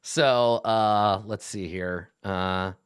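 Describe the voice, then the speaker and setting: A man narrating a tabletop game as game master, relaxed and chatty, with many fillers. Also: on the low side, very slow, smooth, no echo, studio quality.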